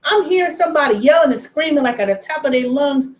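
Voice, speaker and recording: Animated woman telling a story. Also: high-pitched, moderate pace, rough recording. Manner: animated and outspoken, with vivid quoted dialogue. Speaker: vlogger. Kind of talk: casual storytelling.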